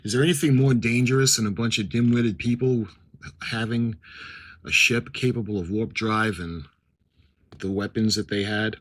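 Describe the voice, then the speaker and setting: A middle-aged man talks through an unboxing in a casual, chatty way. He reads captions aloud and adds his own asides. His voice sits a little low but comes across bright and forceful. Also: fairly even intonation, normal speed, poor audio. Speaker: model-kit unboxing vlogger.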